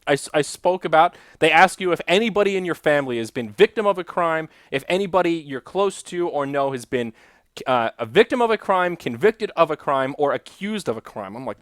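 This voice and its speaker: Very animated and speaking at a normal speed, a young adult podcast host chats loosely on his own show in a fairly high voice. Profanity comes often, along with frequent asides to his chat. Sound is clean studio quality without echo.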